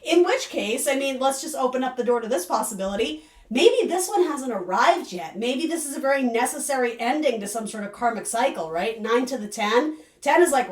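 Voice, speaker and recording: A woman's voice: a little high, animated, normal speed, far from the mic. A woman giving a casual, rambling tarot reading to camera, full of asides and fillers. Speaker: tarot reader. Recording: echoey room, voice a bit off-mic.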